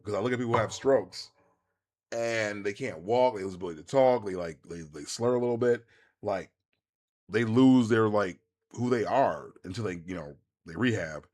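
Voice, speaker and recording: A man, chatting casually to viewers while streaming a game, rambling and animated with many restarts. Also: lowish voice, a little fast. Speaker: gaming streamer. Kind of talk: casual live-stream chat while playing.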